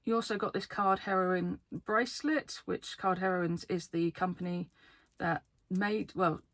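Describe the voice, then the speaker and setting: A woman card game YouTuber from the UK, talking fast and excitedly to camera in a casual vlog, laughing often. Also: fairly low pitch, dry recording. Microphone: camera facing her.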